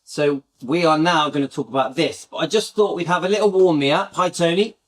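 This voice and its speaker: A man's voice: fairly high pitch, a little fast. A British man hosting his channel, chatting casually and enthusiastically to viewers in a rambling way. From Britain. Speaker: channel host.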